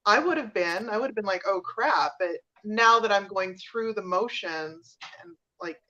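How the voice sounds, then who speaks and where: A woman's voice: medium pitch, expressive, normal speed, pushed and bright, lo-fi sound. A woman in casual chat, wry and amused at the papers she is reading.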